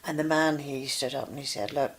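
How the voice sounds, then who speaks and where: A woman's voice: extremely low pitch, fairly quick, poor audio. A woman, co-hosting a casual chat and telling a story with lots of fillers. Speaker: co-host.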